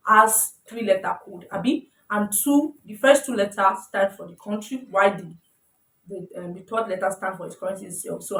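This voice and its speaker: A woman's voice: mid-range voice, far from the mic. Woman, informal teacher, checks in often, self-correcting, roomy echo, a bit off-mic. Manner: repeats "you understand?", corrects herself often. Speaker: forex trading teacher. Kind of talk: informal tutorial explaining slides. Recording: roomy sound, voice away from the mic.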